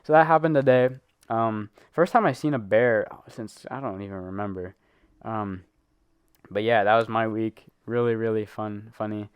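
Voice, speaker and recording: A man's voice: fairly low pitch, moderate pace, clean tone, dry recording, highs cut off. A teenage boy co-hosting a podcast, telling a long story in casual chat, rambling with lots of fillers and laughing as he goes. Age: teens. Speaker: podcast co-host.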